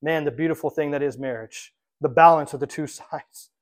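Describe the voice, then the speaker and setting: Animated male preacher. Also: a little high, a little fast. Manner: emphatic, animated storytelling with swings in loudness. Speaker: pastor. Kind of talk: sermon.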